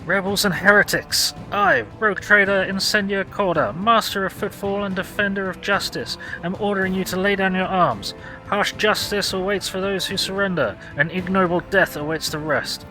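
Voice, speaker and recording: A man's voice: mid-range voice, steady tone, moderate pace, sharp tone, soft background music, natural voice, rough recording. A man voicing a zealous, imperious woman who rules as a harsh judge, reading her lines aloud from a game. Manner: proclaiming, commanding.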